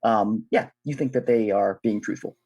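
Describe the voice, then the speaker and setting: A man's voice: lowish voice, moderate pace, warm tone, breathy edge, dry recording. A man narrating a tabletop game as game master, rambling with many fillers.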